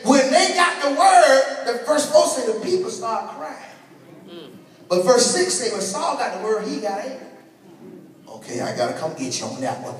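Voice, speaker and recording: Pastor man preaching loud n folksy, high voice, far off in a big echoey church w the congregation around. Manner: folksy preaching, swings from low asides to shouted call-outs. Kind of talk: sermon. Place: large church sanctuary with congregation.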